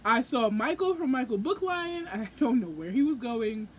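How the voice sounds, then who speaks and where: A young woman with a slightly high voice tells a story in a casual book vlog. She gushes and gets excited, often acting out her own reactions. A faint hiss sits under her voice. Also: normal speed. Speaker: book vlogger.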